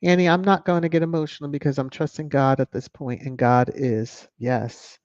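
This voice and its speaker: A woman's voice: low voice, steady tone, moderate pace, darkish tone, no room sound. A woman from the United States hosting a casual livestream, chatty and opinionated as she reads out viewer comments. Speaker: livestream host. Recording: dull lo-fi home stream audio.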